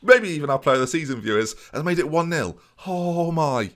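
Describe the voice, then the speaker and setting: A young man commentating on his own football management game, excitable and talking to his viewers. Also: a little high, fairly quick. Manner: excitable, mock-commentator, addresses viewers constantly. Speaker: gaming YouTuber.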